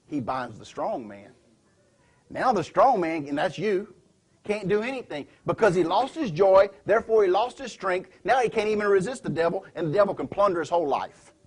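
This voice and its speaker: A man preaches in a church, pressing his points and throwing questions at the congregation. His voice sits high for a man and has a husky edge. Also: lively intonation, moderate pace. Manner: emphatic, asks the congregation questions. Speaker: pastor. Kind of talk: sermon. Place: church sanctuary.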